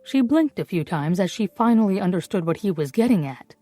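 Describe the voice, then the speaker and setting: A woman reading a novel aloud as audiobook narrator, in measured storytelling. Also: medium pitch, lively intonation, mellow, dry recording, faint music behind. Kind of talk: scripted narration.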